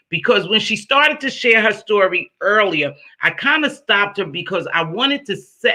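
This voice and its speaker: A woman's voice: on the low side, sharp tone. A woman hosting a casual livestream, greeting her chat by name and talking firmly and chattily about the evening's topic. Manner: chatty, preachy, firm with rules. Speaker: livestream host.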